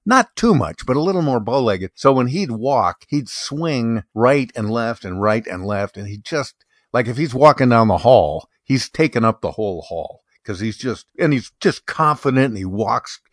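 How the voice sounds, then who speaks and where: A man's voice: mid-range voice, normal speed, no room sound, clean studio sound. An older man co-hosting a podcast, telling stories in a casual chat with chuckles. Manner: storytelling, chuckling, animated. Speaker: podcast co-host.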